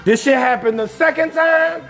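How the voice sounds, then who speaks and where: A man comedian hosting his show, telling a profane comic story in a loud, emphatic way and often shouting his punchlines. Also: very high-pitched, moderate pace, vocal fry, soft background music. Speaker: comedian host.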